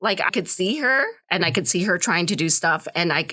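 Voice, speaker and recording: A fairly low-pitched woman, a podcast guest, talks through a family story in a loose, meandering way. She leans on fillers and restarts, backing up and circling round as she goes. She sounds like she is in her thirties. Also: lively intonation, brisk, bright, forceful tone. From Vietnam. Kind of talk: casual interview chat.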